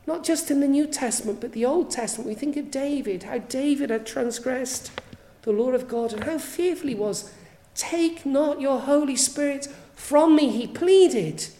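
Mellow-voiced woman preaching a sermon. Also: high-pitched, expressive, normal speed, roomy sound, rough recording. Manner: earnest, pleading, asks the listeners direct questions.

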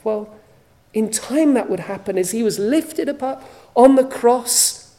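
A woman preaching a sermon at a church service, slow and emphatic, with repeated phrases for weight. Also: fairly high pitch, mellow.

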